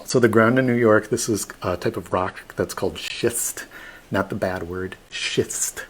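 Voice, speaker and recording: A man tour guide giving a live online virtual tour, telling history as a lively story with playful asides to his audience. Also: lowish voice, fairly quick, slight background noise. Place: at home, streamed online.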